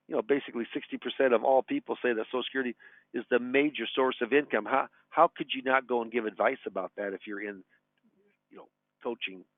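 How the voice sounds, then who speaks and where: A man's voice: mid-range voice, dry recording. A man in his sixties, a retirement advisor giving a webinar from his office in a folksy, chatty way. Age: 60s. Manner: folksy, chatty, tells anecdotes and chuckles. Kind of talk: webinar teaching. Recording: tinny phone-like dry webinar audio.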